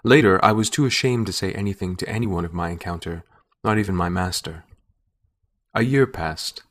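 The narrator is a man with a fairly low voice, reading a first-person story steadily and at a measured pace. The scripted reading stays calm and unhurried, typical of classic audio fiction.

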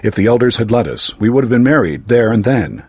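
A man voicing a bitter male English officer who speaks low. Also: big pitch swings, brisk, darkish tone, breathy edge, no echo.

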